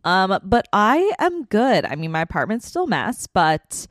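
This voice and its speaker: A young woman co-hosting a podcast, talking in a relaxed, hesitant way with frequent ums. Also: medium pitch, measured pace, no echo, studio quality. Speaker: podcast co-host. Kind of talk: casual chat.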